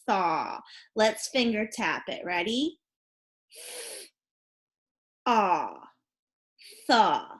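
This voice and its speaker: Teacher voice: woman, very slow and lively, spells out sounds for kids. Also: mid-range voice. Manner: slow, clear, sounding out letters and prompting questions. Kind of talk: phonics lesson for young children.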